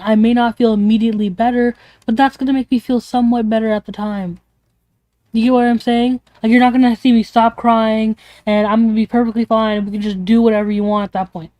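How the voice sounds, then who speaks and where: A woman's voice: a little high, fairly even intonation, quick pace, warm tone, no room sound. A young woman streamer venting in a casual, rambling way, emotional and swearing often.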